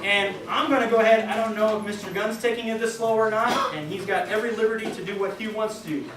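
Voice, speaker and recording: A man's voice: sits high, steady tone, fast, music in the background. A man directing a school band in rehearsal, counting off and singing rhythms to the players. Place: large rehearsal room with band. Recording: roomy, distant camera audio with band.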